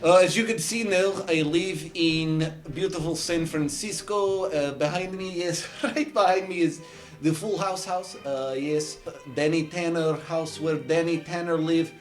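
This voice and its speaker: A man's voice: on the high side, steady tone, a little slow, soft background music, voice pushed up, lightly acted. A man voicing an earnest, boastful male glassblower from Georgia who speaks broken English with no articles and rambles on. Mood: chatty. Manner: earnest, rambling, bursts into loud shouts.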